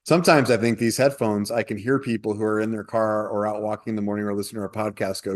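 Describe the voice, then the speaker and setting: A man co-hosting a podcast from a shared office, talking through workplace problems in a casual, animated way on a headset mic. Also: fairly low pitch, quick pace, hardly any pauses. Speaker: podcast co-host.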